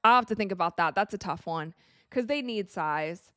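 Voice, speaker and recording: A woman hosting a live watch-along of a basketball game, reacting excitably to plays, crying out and laughing, and thanking viewers for donations. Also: medium pitch, normal speed, smooth, dry recording, clean studio sound. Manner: thanks viewers for donations and answers their questions.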